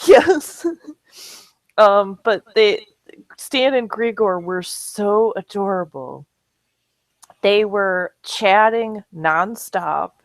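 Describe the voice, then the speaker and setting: Woman mid-pitch voice, chatty and laughing a lot, dry close sound. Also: lively intonation, extremely slow, pauses often, no room sound, rough recording. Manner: chatty storytelling, frequent laughter. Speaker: podcast co-host. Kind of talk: casual comedic chat.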